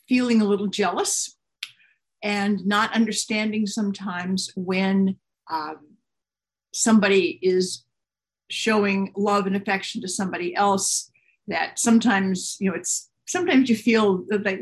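A woman tells a story to children over a video call from home. Her voice sits in a middle pitch and stays gentle, with small fillers and restarts as she goes.

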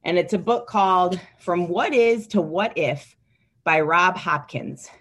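A woman leading a children's message in worship, reading aloud slowly and teaching with a light laugh. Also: on the low side, a bit bright.

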